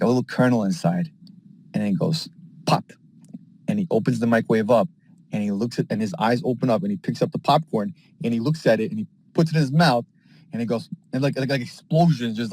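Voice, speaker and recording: A man chatting casually from a parked car, telling a rambling, excitable story packed with fillers and slang. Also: medium pitch, rough recording. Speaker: space participant. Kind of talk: casual chat.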